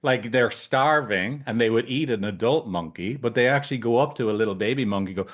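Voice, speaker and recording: A man in his thirties, a couples therapist, giving a casual training talk, animated, swearing freely and tagging lines with "right?". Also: medium pitch, fairly quick, few pauses.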